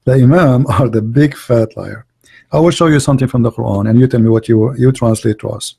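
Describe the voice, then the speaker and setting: A man's voice: medium pitch, fairly quick, gravelly, dark tone, slightly rough, dry recording. A man hosting a casual online debate call, hesitant and repeating words, turning confrontational about his opponents.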